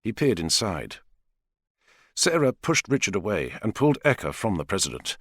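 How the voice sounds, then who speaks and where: Expressive male audiobook narrator. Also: lowish voice, normal speed, no room sound, clean studio sound. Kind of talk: scripted narration.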